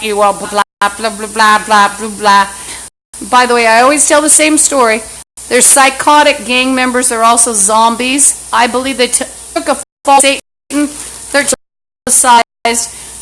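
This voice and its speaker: Woman, high voice, agitated rambling livestream monologue, phone mic at home, faint fan hum behind. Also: fairly bright tone, rough recording. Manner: agitated, rambling, with frequent restarts. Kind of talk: rambling live-stream monologue. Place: apartment indoors. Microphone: phone camera app. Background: fan and running water.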